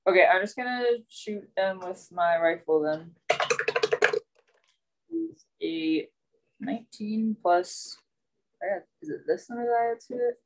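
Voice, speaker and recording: A woman's voice: on the low side, unhurried, pauses often, a little hiss or hum, rough recording. Woman, tabletop player, casual, curious, questioning.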